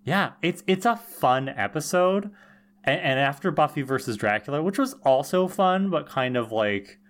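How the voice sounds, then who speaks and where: A man co-hosting a podcast, discussing a TV episode in relaxed, enthusiastic casual talk. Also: fairly high pitch, moderate pace. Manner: relaxed, enthusiastic, thinks aloud. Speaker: podcast co-host.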